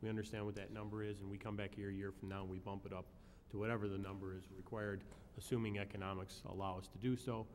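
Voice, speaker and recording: A committee chairman speaking at a council meeting, plain and matter-of-fact. His low voice stays flat and even, with long chamber reverb and a faint hum behind it. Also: fast talker, few pauses.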